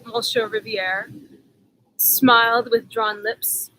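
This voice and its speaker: A woman reading a novel aloud at home in a measured, even narration. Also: high voice, slight background noise, rough recording. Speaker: audiobook reader.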